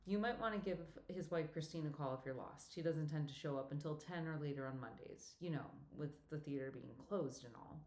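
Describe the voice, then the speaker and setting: A woman putting on a brisk, friendly older box office lady. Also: sits low, a little mellow, close to an everyday voice. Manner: brisk, teasing, motherly. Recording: roomy echo.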